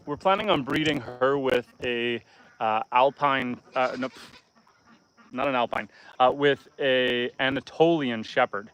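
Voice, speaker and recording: Man, homesteader, casual live-stream chat, outdoors among goats, mid-pitched voice. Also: a bit bright, no echo. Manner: chatty, talks to his goats and reads out viewer comments.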